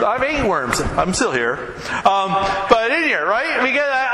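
A man's voice: sits high, big pitch swings, moderate pace, hardly any pauses. A man preaching a sermon in a church, conversational and earnest, often checking in with the congregation. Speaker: pastor. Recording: echoey hall with background noise.

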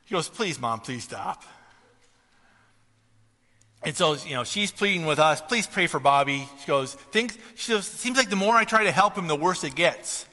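A man's voice: high voice, lively intonation, brisk, few pauses, bright, forceful tone. Man preaching in a reverberant church hall. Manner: conversational, rises to emphatic questions. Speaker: pastor. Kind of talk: sermon with storytelling.

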